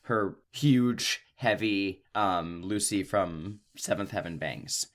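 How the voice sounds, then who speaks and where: A man co-hosting a podcast, chatting casually about a film and retelling its scenes in an animated way with plenty of laughs. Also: sits low, takes it slowly. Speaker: podcast co-host. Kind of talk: casual movie-review chat.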